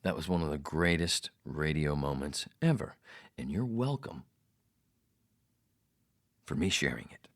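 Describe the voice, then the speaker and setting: Low-voiced profane podcast host. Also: male voice, expressive, moderate pace, vocal fry, long pauses. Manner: profane, rambling, jokey. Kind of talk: casual storytelling monologue.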